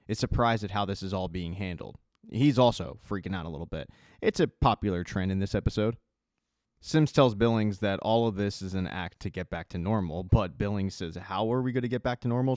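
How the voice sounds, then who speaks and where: A man narrating a casual recap of a TV season, telling the plot in a conversational way with quick asides. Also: on the low side, darkish tone, dry recording, studio quality. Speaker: recap host.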